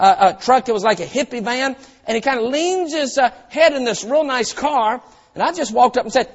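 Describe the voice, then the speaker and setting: A man preaching a sermon as pastor, telling stories and swinging from quiet asides to loud shouted lines. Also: extremely high pitch. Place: church auditorium. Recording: dull sound with long hall reverb.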